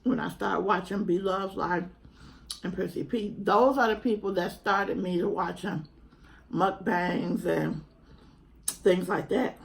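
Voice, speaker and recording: A woman's voice: on the low side, steady tone, slow, gravelly, poor audio. A young woman, earnestly and chattily talking to camera at home in a vlog. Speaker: mukbang vlogger. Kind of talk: casual heartfelt chat to camera.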